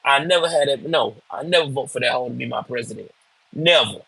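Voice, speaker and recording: A man's voice: medium pitch, fairly quick, vocal fry, bright, forceful tone, husky, no echo, poor audio. A man hosting live political commentary, ranting in a blunt, profane, emphatic way.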